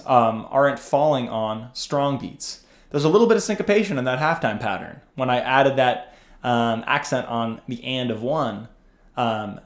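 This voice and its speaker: A man giving a casual music lesson, talking in a loose, relaxed way with plenty of ums and uhs. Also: medium pitch. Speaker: bass teacher. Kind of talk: casual instructional talk. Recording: roomy echo with faint music.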